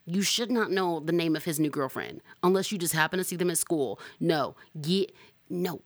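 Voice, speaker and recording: A young woman hosting a podcast in casual chat, sassy and animated, jumping to high exclamations. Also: moderate pace, no echo. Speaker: podcast host.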